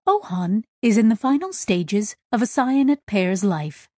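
A woman voicing a grave male alien ship's doctor who explains things slowly. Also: mid-range voice, big pitch swings, a little mellow, no room sound, clean studio sound.

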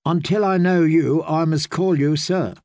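Plaintive little girl princess, high wavering voice, slow, as a male narrator puts her on. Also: fairly even intonation, a little mellow, dry recording, studio quality. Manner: plaintive, questioning. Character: confused timid young girl princess.

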